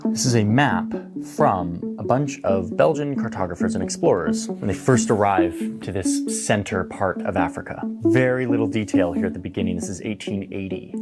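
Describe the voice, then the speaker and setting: A man's voice: on the low side, lively intonation, moderate pace. A man narrating a history explainer in a loose, conversational voice. His slangy delivery is full of filler "likes" and asides. A guitar music bed runs underneath. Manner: casual, slangy, uses "like" often. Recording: guitar music playing behind.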